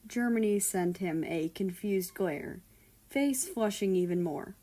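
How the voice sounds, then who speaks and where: A woman reading a fan fiction story aloud in a steady, storytelling way. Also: medium pitch, normal speed. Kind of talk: scripted narration of a fan story.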